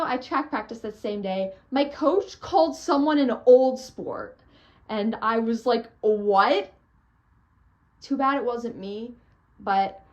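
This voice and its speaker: Over dull audio, a teen girl vlogger who loves theater excitedly recounts a trip to the theater, breathless and saying "like" and "oh my gosh" constantly. Her pitch is fairly high.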